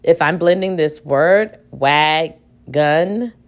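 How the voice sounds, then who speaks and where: A woman's voice: on the low side, expressive, measured pace. A woman teacher giving a recorded reading lesson for children at home, patiently sounding out words aloud.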